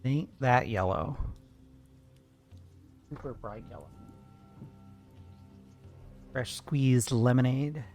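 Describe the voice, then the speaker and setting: A man's voice: medium pitch, drawn-out words, long pauses, a little mellow, soft background music. A man streaming live while he paints, chatting with viewers in a playful, jokey way. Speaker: art streamer.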